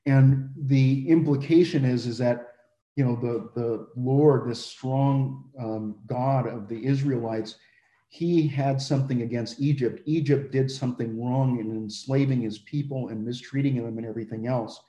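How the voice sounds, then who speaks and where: A man teaching a Bible passage in a relaxed, conversational way, with many fillers and restarts. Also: mid-range voice, measured pace, roomy sound.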